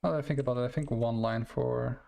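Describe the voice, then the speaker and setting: Brief: male streamer, gravelly mid-pitched voice, loose rambling game commentary. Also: fairly even intonation, quick pace, warm tone. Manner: rambling, self-correcting, laughs at himself. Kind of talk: casual gameplay commentary.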